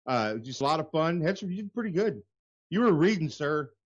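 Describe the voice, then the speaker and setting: Loose, swearing higher-voiced man. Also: big pitch swings, fairly quick, highs cut off. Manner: loose, laughing, swears freely. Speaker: talk show host. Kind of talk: casual profane radio banter.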